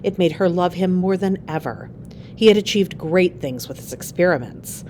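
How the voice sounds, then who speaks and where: A woman narrating an easy-to-read adapted story aloud, with expressive, clear storytelling. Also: on the low side, normal speed, a little hiss or hum.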